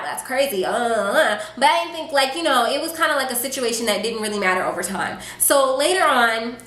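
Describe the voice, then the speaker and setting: A young woman vlogger telling a casual storytime, chatty and animated, full of fillers and quoted asides. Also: mid-range voice. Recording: echoey room.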